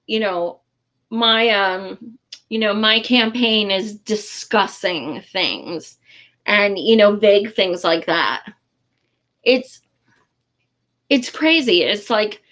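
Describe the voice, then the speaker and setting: A woman's voice: mid-range voice, takes it slowly, a bit bright, lo-fi sound. A woman giving casual, frustrated political commentary in a vlog, blunt and swearing freely, with many fillers.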